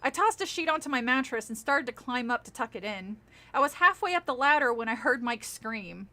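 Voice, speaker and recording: A young woman reads a spooky kids' book aloud on a stream in a casual way, chatting along and often breaking into giggles and laughter. Her voice is a little high, a little fast and bright, with an animated, forceful tone.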